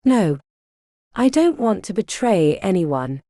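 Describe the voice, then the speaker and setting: A woman reading an audiobook, voicing a quiet, proud, desperate young woman who speaks softly and earnestly. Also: medium pitch, big pitch swings, slow pace, no room sound, studio quality. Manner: soft, restrained and earnest.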